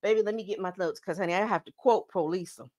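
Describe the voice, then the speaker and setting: A woman's voice: medium pitch, quick pace. A woman hosting a podcast, casually recapping a TV episode, telling it like a story and acting out the characters' lines. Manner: animated storytelling, acts out quotes, calls listeners "baby".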